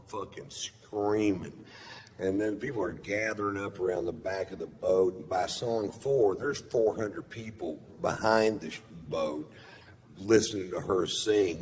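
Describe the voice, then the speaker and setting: A man with a very deep, low-pitched voice tells a stand-up story on a comedy stage, loose and unhurried, dropping profanity as he goes. The live recording carries a constant background noise under his handheld mic. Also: in a large hall. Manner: profane, laid-back anecdotal delivery.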